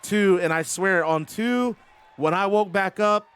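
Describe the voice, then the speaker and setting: A man with a high-pitched voice gives casual, chatty commentary over a video game wrestling match. He rambles, swears, and gets excitable as he tells stories between the moves. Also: unhurried, clean tone. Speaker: host and commentator.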